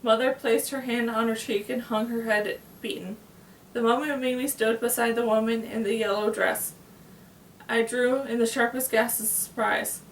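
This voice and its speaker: A woman with a fairly high voice reads a novel aloud, steady and unhurried, now and then tripping and restarting a word. She sits some way from the mic in an echoey room. A faint hiss runs underneath. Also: distant mic. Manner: plain, steady read-aloud with small slips and restarts. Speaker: reader.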